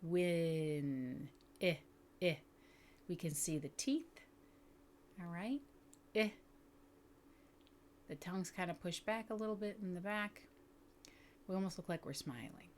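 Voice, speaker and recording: Woman slowly enunciating phonics sounds. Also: on the low side, expressive, a little mellow, a little hiss or hum. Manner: clear, deliberate enunciation of sounds; patient, explanatory. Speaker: literacy teacher. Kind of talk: instructional video for educators.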